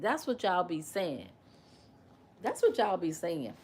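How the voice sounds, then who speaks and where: A woman hosting a casual livestream, animated and repetitive as she questions and mimics her commenters. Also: lowish voice, takes it slowly, pauses often, breathy edge. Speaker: livestream host.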